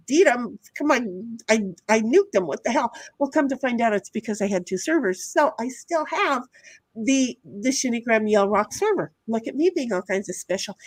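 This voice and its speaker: A woman's voice: on the high side, no echo, clean studio sound. A woman hosting a casual livestream, chatting with her viewers in a rambling, profane way full of restarts. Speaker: livestream host reading chat.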